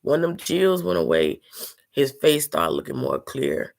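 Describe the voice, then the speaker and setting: A woman's voice: low-pitched, big pitch swings, unhurried, vocal fry. A sick woman telling a personal story to her viewers in an earnest, emotional, casual way. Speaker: vlogger.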